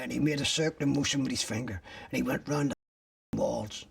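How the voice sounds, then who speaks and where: Older guy with a rough husky voice telling what happened to him step by step, mic kinda far off. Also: medium pitch, a little fast. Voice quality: gravelly, husky. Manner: detailed step-by-step retelling, acting out other people's words. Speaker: interviewee recounting his arrest. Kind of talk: personal testimony in a documentary. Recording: voice picked up from a distance.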